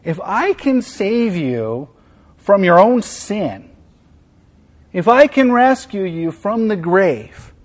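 A gentle, patient God, as a preacher voices him, calmly reassuring a worried believer. The voice is soft and slow and sits slightly high for a man. The tone is kind and unhurried. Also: exaggerated voice.

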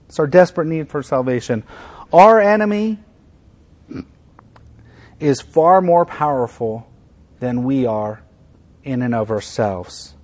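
A man preaching a sermon as pastor. He speaks with emphasis, repeats key phrases, and swings from loud stress to quiet, soft passages. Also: a little high.

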